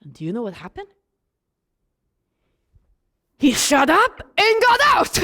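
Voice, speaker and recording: This storyteller voices the apostle John, sharing his days beside Jesus in first person and asking listeners direct questions. Her high voice swoops wildly in pitch, moving slowly with a bright, forceful, heavily acted delivery.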